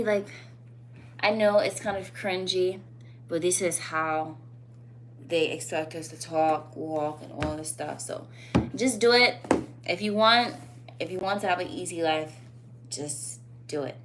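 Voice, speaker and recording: A woman talking straight to camera in a casual opinion vlog, blunt and animated, her thoughts rambling between emphatic points. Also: lowish voice, a little slow, slight background noise. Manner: loose, rambling phrasing with fillers. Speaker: vlogger.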